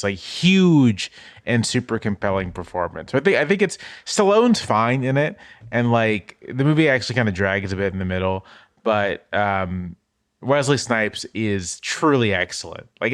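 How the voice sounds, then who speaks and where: Podcast guest dude, measured and thoughtful, says um a lot, dry close mic. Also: male voice, lowish voice, animated, no echo. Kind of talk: casual chat.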